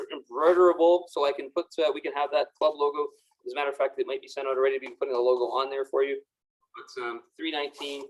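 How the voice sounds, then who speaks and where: In a golf club pro shop with racks behind him, a medium-pitched man gives a live, upbeat, gushing demonstration of golf gear, full of fillers and restarts. The recording is low quality, with slight background noise.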